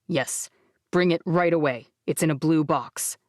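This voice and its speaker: A steady, commanding man takes charge in a crisis, as a woman voices him. His firm orders come in a lowered, level voice with no rush. The audiobook booth is close and dry. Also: a little slow, no room sound. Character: commanding man, a calm rancher taking charge.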